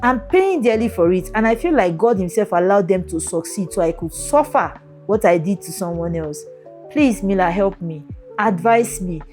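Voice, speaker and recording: A woman hosts a chatty podcast and reads listener letters aloud. She breaks into laughter between passages. Her pitch rises and falls widely over soft background music. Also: expressive, normal speed. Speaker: podcast host.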